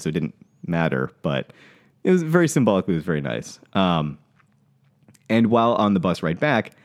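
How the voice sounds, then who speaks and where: A man casually telling a funny story on a podcast, animated and acting out the people in it. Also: low-pitched. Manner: animated, acts out quoted voices. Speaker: podcast co-host.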